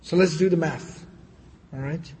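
A man giving a storytelling religious lecture, animated, with sarcastic asides and quick recitations. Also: fairly high pitch. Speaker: Islamic lecturer. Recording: long hall reverb.

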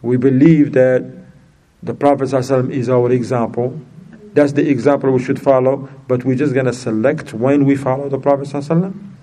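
A man preaching a sermon in a lively way, mixing in Arabic terms and acting out quoted speakers with sudden high jumps in pitch. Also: quick pace. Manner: non-native phrasing, mixes in Arabic terms.

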